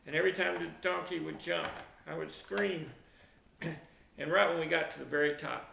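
A man's voice: a little high, steady tone, normal speed, gravelly, bright, forceful tone, a little hiss or hum. A middle-aged man telling a comic travel mishap, dramatic and exaggerated, acting out sound effects. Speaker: storyteller, video narrator. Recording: roomy echo.

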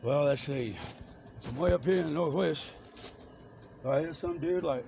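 A man's voice: a little high, a little slow, creaky, pauses often, warm tone. Rambling man, noisy background with birds. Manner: stream-of-consciousness, jumping between topics. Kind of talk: rambling monologue.

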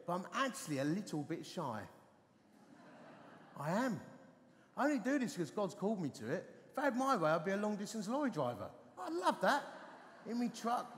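A man, preaching a sermon as an animated, self-deprecating storyteller on a festival stage. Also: high-pitched, long reverb tail. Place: festival stage in a large hall.

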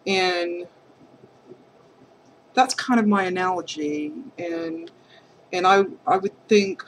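A woman crafting vlogger talking heartfelt to camera, hesitant and halting, earnest and emotional. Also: lowish voice, slight background noise, low-quality recording. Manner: emotional, affectionate.

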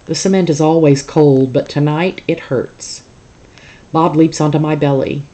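A teacher reading a novel aloud to a class in a calm, steady storytelling manner. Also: medium pitch, unhurried.

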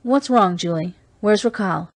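A woman's voice: mid-range voice, a little slow, no echo. A weary, scarred spacer speaks in curt, clipped, bitter sentences, as an audiobook reader puts him on. He sounds tired of being pushed around. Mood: demanding.

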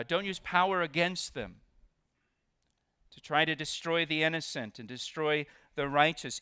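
A man preaching a sermon as pastor, with expressive delivery that leans hard on key words. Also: high-pitched, smooth, no room sound, studio quality. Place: church.

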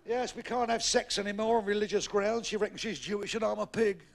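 A man's voice: sits high, steady tone, brisk. A man, doing a stand-up comedy routine on a theatre stage and telling long joke stories. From England. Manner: gravelly voice, puts on voices for the characters in his stories. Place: live theatre stage with an audience. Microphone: stage microphone. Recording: noisy early 1990s live show tape.

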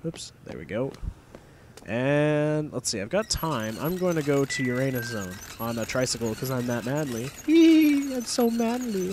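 A young man talks through a video game in a loose, rambling way, cursing offhandedly and grumbling at the game's quirks. His voice sits at an ordinary male pitch. A faint noise runs under the recording. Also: expressive, normal speed. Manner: rambling, swears casually, easily annoyed. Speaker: gameplay commentator. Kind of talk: casual let's-play commentary.

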